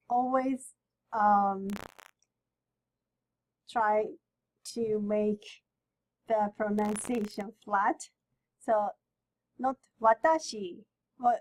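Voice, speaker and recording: A woman with a Japanese accent, a native Japanese speaker, teaching a beginner language lesson and repeating each word slowly and carefully. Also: on the high side, rough recording. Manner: slow and careful, repeating words for the learner.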